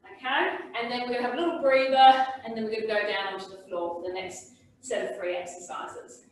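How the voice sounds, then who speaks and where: A woman exercise instructor with a slightly high voice leads an online class, coaching the moves and often checking in with "okay?". She sounds far from the mic in a very echoey indoor room. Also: steady tone, a little fast, slight background noise.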